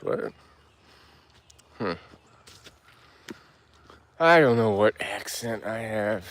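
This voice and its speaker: A man chats casually to his stream while walking a hilly trail outdoors. His voice sits fairly low and he talks slowly. His speech rambles with fillers and slurs a bit at the edges. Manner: rambling, loose, heavy on filler words. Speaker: livestream host.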